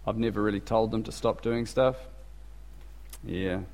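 Man doing a king owning up, offhand flat delivery, low and quiet, echoey church. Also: normal speed, close to an everyday voice. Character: King David, a man confessing grave sins. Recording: church with long reverb.

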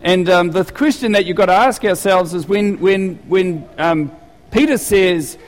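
A man's voice: sits high, measured pace. Man preaching in a reverberant hall. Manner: conversational storytelling with frequent restarts. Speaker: pastor. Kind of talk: sermon.

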